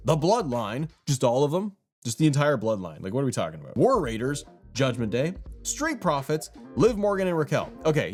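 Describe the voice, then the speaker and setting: A young man hosting a wrestling channel, talking in a casual, rambling way with lots of restarts. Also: a little high. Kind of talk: casual commentary.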